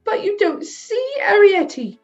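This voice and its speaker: Brief: woman reading as an anxious, weepy small mother; high, swooping, emotional; dull audio, soft music underneath. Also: very animated, a little slow, heavily acted. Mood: distraught. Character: fretful, tearful little mother, fussy and anxious. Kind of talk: storybook read-aloud.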